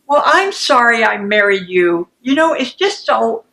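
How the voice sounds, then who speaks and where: A woman's voice: fairly high pitch, sing-song, measured pace, fairly bright tone, exaggerated voice. A woman acting out a defensive spouse who feels constantly criticized. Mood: fed up. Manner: defensive and wounded.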